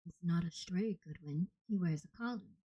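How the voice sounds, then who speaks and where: A woman voicing a tall, easygoing male watch officer with a deep voice. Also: moderate pace, slightly rough, muffled recording. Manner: relaxed, friendly.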